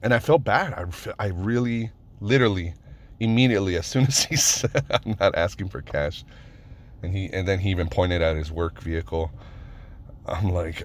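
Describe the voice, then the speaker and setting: Low-voiced man rambling through a story. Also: expressive, moderate pace. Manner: rambling, profane, many fillers and restarts. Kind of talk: casual storytelling rant.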